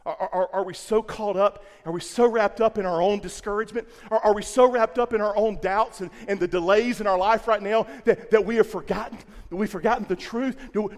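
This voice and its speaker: A man preaching in a church with a high, ringing voice that carries through a long hall echo. He drops to near hushed lines, then climbs to loud, insistent peaks, often repeating words as he builds. It has the rhythm of a live sermon. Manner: impassioned, swinging from quiet to loud, repeating words. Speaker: pastor. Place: church sanctuary.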